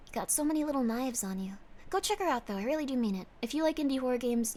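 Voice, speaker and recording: A woman's voice: high voice, lively intonation, quick pace, a little mellow. A woman streamer chatting casually on a livestream, bubbly and effusive, gushing praise to her viewers.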